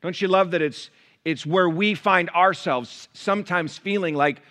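A man preaching a sermon to his church, shifting from quiet, close asides to loud, raised passages. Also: sits high, unhurried. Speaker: pastor. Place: church sanctuary.

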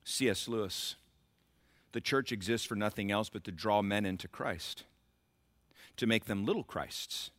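A man's voice: fairly low pitch, measured pace, long pauses, a bit bright, dry recording. A middle-aged man preaching a sermon as pastor, building to emphatic surges and talking directly to the congregation.

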